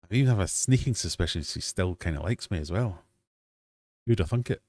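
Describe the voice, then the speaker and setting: A Scottish man in his forties runs a casual livestream quiz from home. His voice sits low, and he teases his viewers with playful, self-deprecating banter. The sound is close and dry, with no room echo. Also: lively intonation, fairly quick, a little mellow. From Scotland. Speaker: livestream host.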